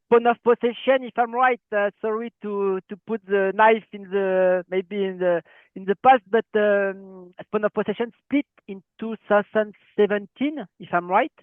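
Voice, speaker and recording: A man's voice: high-pitched, fairly even intonation, moderate pace, no room sound. French man interviewing over a tinny line. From France. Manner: hesitant, many fillers and restarts. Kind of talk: casual interview. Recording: tinny phone-like call line.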